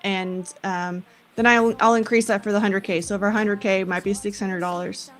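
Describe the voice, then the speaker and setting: A woman co-hosting a live trading stream, explaining things in a relaxed, matter-of-fact way and teasing her co-host now and then. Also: medium pitch, moderate pace, soft background music. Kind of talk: casual live-stream chat.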